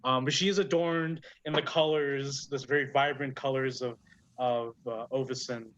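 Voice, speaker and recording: A man narrating as game master of a tabletop game, pausing often with ums and restarts. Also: mid-range voice, fairly even intonation, a bit bright. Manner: hesitant, many ums and restarts. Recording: dull lo-fi sound.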